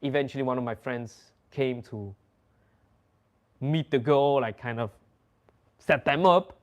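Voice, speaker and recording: A man's voice: mid-range voice, a little slow. A young man from the Netherlands, hosting a casual chat and telling stories in a loose, swearing, laughing way. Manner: animated, swearing, laughing storyteller. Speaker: host.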